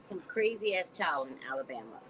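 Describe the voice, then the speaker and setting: A woman hosting a podcast, reading from a police report and adding her own animated commentary in casual chat. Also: lowish voice, fairly quick, slight background noise, rough recording. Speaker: podcast host. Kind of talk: casual chat recounting a news case.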